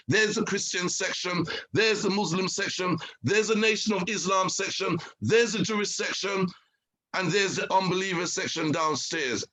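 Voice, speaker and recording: A man giving a spiritual lecture, telling stories in a lively way and acting out what others said. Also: high voice, poor audio. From United Kingdom. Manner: lively storytelling, acting out quotes. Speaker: guest speaker.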